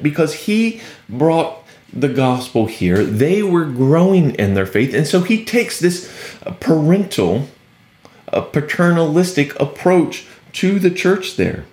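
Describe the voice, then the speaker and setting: A man's voice: on the high side, takes it slowly, reverberant. A man preaching a sermon, explaining a scripture passage with sarcasm and acting out quoted lines. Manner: animated, sarcastic at times, acts out quoted speech.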